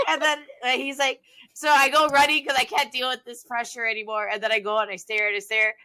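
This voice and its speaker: A woman chatting on a podcast, telling her story with lots of excitement. Her voice is bright and forward, and her talk is loose, full of "like" fillers and acted-out lines. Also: high-pitched, brisk. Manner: excitable, animated, heavy use of "like". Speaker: guest.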